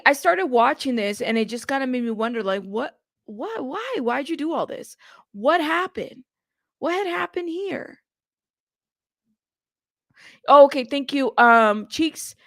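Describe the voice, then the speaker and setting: A woman hosting a casual live stream, chatty and playful, reading viewer comments aloud and giving shout-outs. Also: a little high, gravelly, no echo, studio quality. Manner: playful, teasing. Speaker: livestream host.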